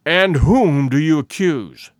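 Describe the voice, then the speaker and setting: A man's voice: a little high, lively intonation, slow, no echo, studio quality. A man voicing a stern, stately nobleman who talks with proud, impatient dignity in a storybook reading. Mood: stern, shaken.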